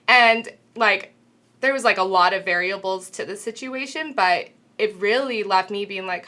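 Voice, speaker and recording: A woman's voice: medium pitch, normal speed, pushed and bright. A woman co-hosting a casual panel talk show, earnest and thoughtful, with many filler words. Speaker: co-host.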